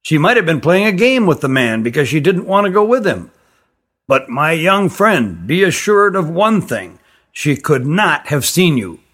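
A man reading an audiobook, voicing an old male elder who speaks in a measured, careful and reassuring way. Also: on the high side, very animated, a bit bright, slightly rough, exaggerated voice.

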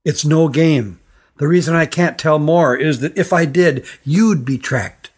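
A man voicing a frightened older boy on the run, speaking with hushed urgency in a storybook reading. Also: fairly high pitch, unhurried, breathy edge. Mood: urgent.

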